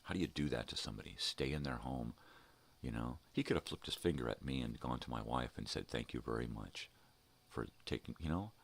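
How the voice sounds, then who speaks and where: An older man vents in a loose, profane monologue. His voice sits extremely low and is rough with gravelly fry. It has a husky, grainy edge. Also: lively intonation, quick pace. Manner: profane, heated storytelling. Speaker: vlog host. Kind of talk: casual ranting monologue. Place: home.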